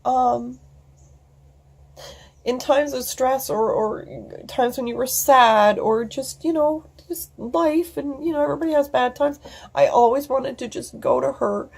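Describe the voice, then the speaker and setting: Casting: woman, 50s, husky dark voice, rambling, heartfelt home vlog. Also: sits high, fairly even intonation, unhurried. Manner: rambling, many fillers and restarts, casual swearing. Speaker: vlogger. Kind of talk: emotional personal storytelling.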